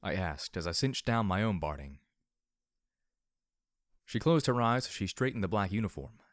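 A man reading a first-person story aloud, measured and wry. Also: fairly low pitch, lively intonation, no room sound, clean studio sound. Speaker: audiobook reader.

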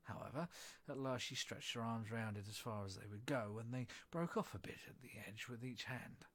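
Male narrator, husky, measured storybook reading. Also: medium pitch, fairly bright tone. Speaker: reader.

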